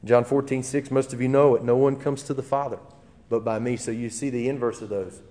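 A man preaching a sermon in a relaxed, conversational way, with fillers and restarts. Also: medium pitch, brisk. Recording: long hall reverb.

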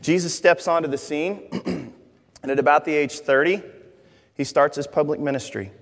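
Young male preacher, animated and joking, higher voice, reverberant hall. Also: normal speed, vocal fry. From Arkansas, USA. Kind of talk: sermon.

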